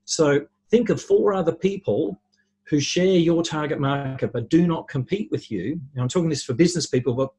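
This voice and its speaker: A man, a podcast guest, explaining ideas with lively anecdotes and worked examples. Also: a little high, moderate pace, husky. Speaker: podcast guest, relationships speaker. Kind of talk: conversational storytelling.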